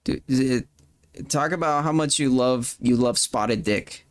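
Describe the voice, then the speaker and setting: A man's voice: mid-range voice, measured pace, dry recording. An American man teasing his friends with crude, swearing humor in casual gaming stream chat.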